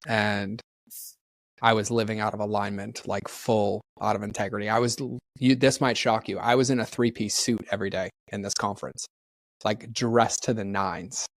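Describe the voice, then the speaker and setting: A man's voice: lowish voice, flat delivery, normal speed, dry recording. A middle-aged man, a personal development trainer, telling a candid story as a podcast guest and animatedly acting out quoted dialogue.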